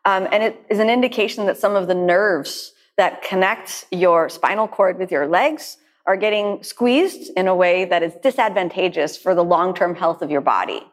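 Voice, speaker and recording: A woman's voice: lowish voice, moderate pace, hardly any pauses. A woman yoga teacher giving a reflective talk to a class and then taking questions, speaking thoughtfully with frequent restarts. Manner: reflective, warm storytelling with many restarts. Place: studio class with people also joining online.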